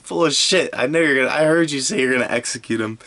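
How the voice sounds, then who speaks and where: A man putting on a high, pleading voice for an upset boy. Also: quick pace, fairly bright tone, close to an everyday voice. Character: upset young boy protesting.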